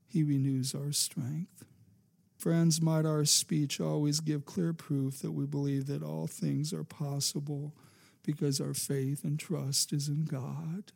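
A man's voice: a little high, gravelly, darkish tone. A man preaching a sermon, emphatic and asking his listeners rhetorical questions, building to fervent peaks. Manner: emphatic, rising to fervent crescendos.

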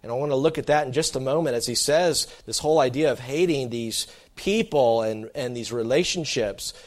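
A middle-aged man preaching a sermon, animated and full of restarts, acting out the shocked reactions of his listeners. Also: mid-range voice, brisk.

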